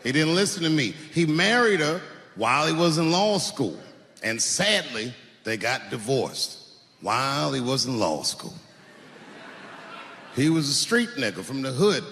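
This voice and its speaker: A man doing live stand-up on a large theater stage. His storytelling is profane and animated, and he shouts his punchlines. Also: mid-range voice, unhurried. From Washington, D.C. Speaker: stand-up comedian. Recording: echoey hall with live audience noise.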